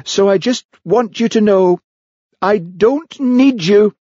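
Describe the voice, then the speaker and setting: A man's voice: high-pitched, dark tone, no room sound, pitched above the performer's own voice. A man putting on a theatrical young woman. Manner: theatrical, drawn-out. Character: dramatic young woman, self-important. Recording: dull lo-fi audiobook recording.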